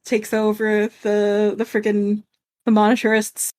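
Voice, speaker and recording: A woman co-hosting a casual game podcast, talking in an animated way. She drops swear words freely and laughs often as she chats. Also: mid-range voice, unhurried. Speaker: podcast co-host. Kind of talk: casual chat.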